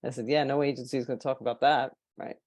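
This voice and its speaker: This marketing consultant, a woman guesting on a podcast, talks fast in a deep, rumbling register with no room sound at all. Chatting casually, she shares anecdotes and lively impressions of the people she's quoting.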